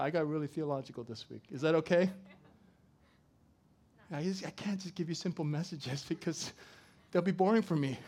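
A middle-aged man preaching a sermon, swinging from loud to soft as he tells a story. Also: fairly high pitch. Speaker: pastor.

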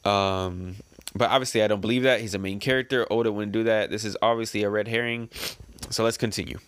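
A man's voice: on the low side, steady tone, fairly quick, smooth, dry recording. A man casually reading a comic page by page, speculating aloud with lots of fillers. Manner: chatty, speculative, many fillers. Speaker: comic reader and reactor. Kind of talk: casual read-through with commentary.

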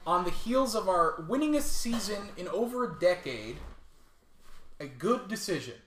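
A man's voice: very animated, moderate pace, echoey room, a little hiss or hum. A man co-hosting a sports podcast, joking and bantering in a loose, playful way. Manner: joking, swinging from loud to low. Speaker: podcast co-host.

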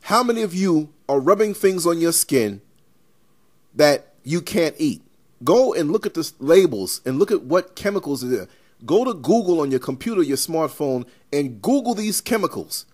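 Animated New man, fairly high voice. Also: moderate pace. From New York. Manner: animated storyteller, emphatic and rambling. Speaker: podcast host. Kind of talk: casual podcast chat.

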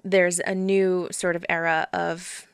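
A young woman as a podcast guest, chatting in a relaxed, easygoing way and laughing often. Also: fairly low pitch, takes it slowly, creaky, clear, resonant tone, dry recording, clean studio sound. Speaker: podcast guest, aspiring voice actor. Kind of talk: casual chat.

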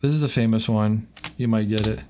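A man's voice: fairly low pitch, fairly even intonation, a little fast, mellow. A man with a New York accent co-hosting a podcast in casual chat, laughing often and swearing freely. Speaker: podcast co-host.

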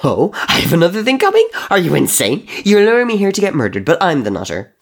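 A man's voice: medium pitch, very animated, normal speed, gravelly, heavily acted. A man voicing a snarling, furious wounded man. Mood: enraged. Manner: shouting, hissing and snarling.

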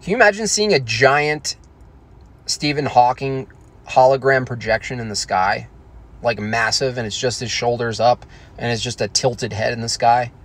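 A man talks loosely and casually, rambling from one thought to the next. He is irreverent and jokey, with an ordinary mid-pitched voice. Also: moderate pace, fairly bright tone. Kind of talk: casual chat.

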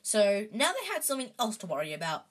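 A woman's voice: mid-range voice, wildly swooping pitch, quick pace, breathy edge. A woman reading a children's novel aloud in a casual way, with small slips and fillers. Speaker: narrator.

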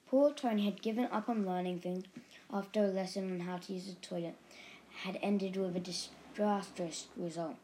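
A woman's voice: mid-range voice, normal speed, low-quality recording. Woman reading a storybook aloud. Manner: lively, expressive reading. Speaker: narrator.

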